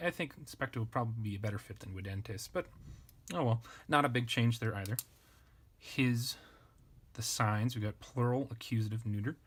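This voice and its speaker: A man teaching an unscripted grammar lesson, thinking aloud and correcting himself in a relaxed way. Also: mid-range voice. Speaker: language teacher. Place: indoors at a desk with a camera.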